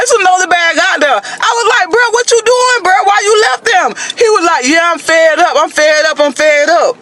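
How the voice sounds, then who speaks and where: A man casually telling a dating story to camera in an animated way, often calling out to his listeners. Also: very high voice, a little hiss or hum. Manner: animated, addresses listeners as "y'all".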